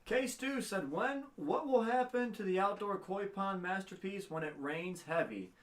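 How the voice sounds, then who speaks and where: A man's voice: sits high, animated, measured pace. A young man co-hosting a casual livestream, reading out donations and explaining things plainly.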